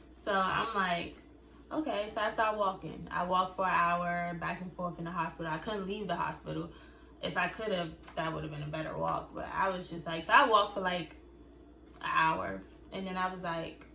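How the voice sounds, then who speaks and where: A woman's voice: medium pitch, sharp tone, far from the mic. A young woman vlogger in casual storytime chat, chatty and acting out quotes in other voices. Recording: echoey room, faint noise.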